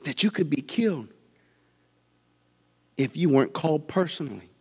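Fervent male preacher, high, lively. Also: normal speed, breathy edge, big-room sound. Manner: fervent, swings from soft asides to shouting. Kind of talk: sermon.

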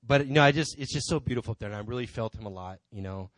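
A man with a mid-range voice talks rapid-fire, with no echo. He's a church member at the pulpit in the sanctuary, giving a conversational testimony that wanders off into frequent asides.

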